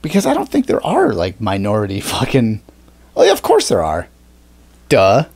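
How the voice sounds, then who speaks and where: A man's voice: on the low side, wildly swooping pitch, moderate pace, vocal fry, a little mellow, breathy edge, dry recording. A man hosting a podcast in casual chat, rambling with fillers and plenty of swearing. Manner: rambling, swears often, frequent fillers and restarts. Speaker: podcast host.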